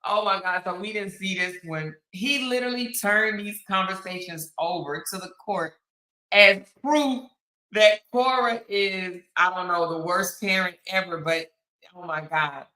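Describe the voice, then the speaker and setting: A woman's voice: medium pitch, a little slow, bright, forceful tone, roomy sound, rough recording. A woman hosting a casual live stream, chatting with viewers in an exclamatory way. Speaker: commentary host reviewing court recordings.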